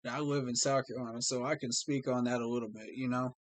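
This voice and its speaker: A man's voice: mid-range voice, little pitch movement, quick pace, no echo. A man, hosting a fan livestream and speaking to his viewers in an earnest, heartfelt way. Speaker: fan streamer host. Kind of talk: livestream talk to fans.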